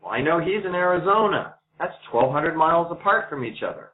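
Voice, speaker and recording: A man's voice: a little high, expressive. Man telling stories over a tinny line. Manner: brisk, storytelling, acts out quoted dialogue. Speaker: interview guest. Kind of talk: conversational interview answers. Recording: tinny phone-like audio.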